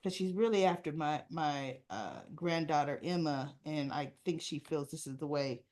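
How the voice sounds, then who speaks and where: A woman's voice: deep voice, normal speed, darkish tone. A woman hosting a casual soap opera recap, chatting and acting out the characters' lines with asides.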